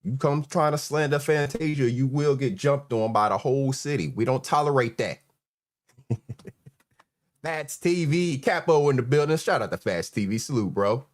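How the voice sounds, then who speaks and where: A man with a North Carolina accent hosting a casual live stream, relaxed and chuckling as he greets viewers. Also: medium pitch, moderate pace. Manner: laid-back, chuckling, shout-outs to viewers. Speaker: livestream host.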